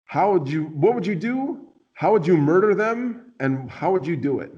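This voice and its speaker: A man's voice: high voice, lively intonation, moderate pace, a little mellow. A man hosting a casual talk show, rambling and playful with lots of fillers. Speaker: podcast host. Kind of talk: casual chat. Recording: dull lo-fi sound.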